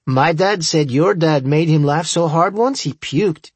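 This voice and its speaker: A friendly, nerdy teenage boy chatting offhandedly, as a man reads him in an audiobook. The voice is husky and mid-pitched, with a dry, close sound. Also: unhurried, dry recording.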